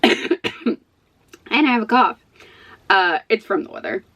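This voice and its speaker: A woman's voice: medium pitch, very animated, unhurried, a bit bright. A woman chatting casually in a book vlog from her home office, stressed, rambling and self-deprecating, with little laughs between phrases. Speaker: book vlogger.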